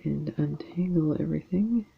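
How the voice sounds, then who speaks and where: A woman's voice: sits low, moderate pace, gravelly, husky, highs cut off. A woman with a casual, rambling way of talking, chatting to viewers while she works on a beading project at home. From Canada. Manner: rambling, chatty, lots of fillers. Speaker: beading channel host.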